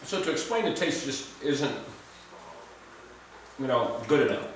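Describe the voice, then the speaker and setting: This food vlogger's mid-range voice swings widely in pitch at a measured pace as he rambles chattily and self-deprecatingly. He records in a roomy, echoey space in Serbia, distant from the mic, with slight background noise.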